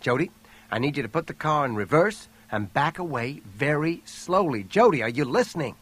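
A man voicing a tough male agent under fire, shouting urgent commands. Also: a little high, animated, moderate pace. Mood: urgent coaxing.

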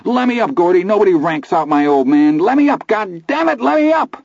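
Man doing a little boy losing it, way up high, screamy and sobby, dull dry sound. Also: very animated, a little fast, creaky, darkish tone, dry recording, exaggerated voice. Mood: sobbing. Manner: screaming, sobbing, explosive. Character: hotheaded scrawny boy around twelve.

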